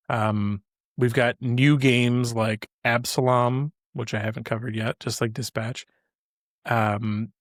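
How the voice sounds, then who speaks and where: A man with a mid-range voice hosts his own podcast solo, chatting casually and rambling with lots of fillers and restarts. The recording has studio quality and no echo.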